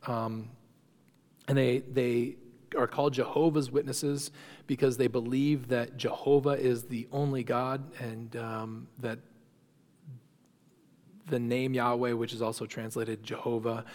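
A man with a mid-range voice teaches a church class. He speaks loosely and conversationally, restarting sentences and filling pauses. The sound rings with the long reverb of a hall. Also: medium pitch, level tone, a little mellow. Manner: conversational, frequent fillers and restarts. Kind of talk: informal lecture to a class.

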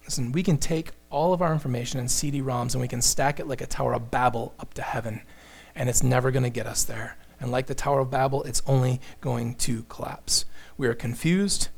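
A man preaching a sermon, emphatic and impassioned, moving between loud declarations and hushed, slow lines. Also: mid-range voice, fairly even intonation, vocal fry.

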